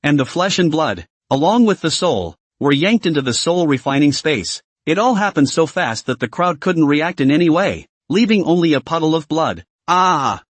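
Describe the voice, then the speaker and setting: A man narrating a fantasy comic recap in a lively, dramatic storytelling manner. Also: on the high side, normal speed, few pauses, dry recording.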